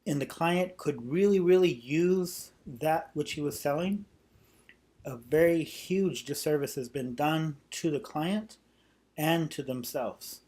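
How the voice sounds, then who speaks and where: A man's voice: on the high side, slow pace, a little mellow, husky. A man teaching a sales technique in an unscripted way, often repeating and restarting phrases and acting out sample lines. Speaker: sales trainer. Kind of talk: instructional talk.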